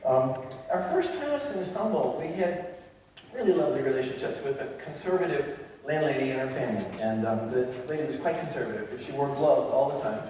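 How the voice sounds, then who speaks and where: An American university teacher tells funny stories to an audience in a big lecture hall, chatty and full of fillers and restarts. His medium-pitched, dark-toned voice is expressive and a little fast, picked up by a distant mic with hall echo and faint noise.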